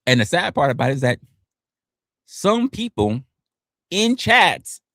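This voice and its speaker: A man's voice: fairly high pitch, very animated, measured pace, sharp tone, dry recording, clean studio sound. A man hosting a livestream, ranting casually and sarcastically and acting out other people's lines. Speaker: livestream host.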